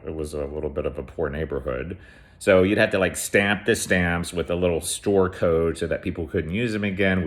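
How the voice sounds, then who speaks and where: A middle-aged man with a very low, deep voice tells a story from his past. He is casual and animated, and he acts out what people said.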